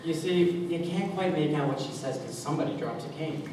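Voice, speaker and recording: A man's voice: fairly high pitch, expressive, brisk, close to an everyday voice. A man playing a wistful, rambling show-tune fan who confides in the audience, recorded from far off in an echoey school hall. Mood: musing. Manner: musing, confiding, rising to exclamations. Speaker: stage actor. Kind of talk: school stage musical acting. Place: school auditorium stage. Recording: echoey hall, distant mic, noisy.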